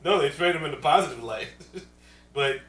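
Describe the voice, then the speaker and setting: Animated, profane man in a roomy room. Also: fairly high pitch, moderate pace. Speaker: podcast co-host. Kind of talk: casual chat. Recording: roomy, distant mic, faint hum.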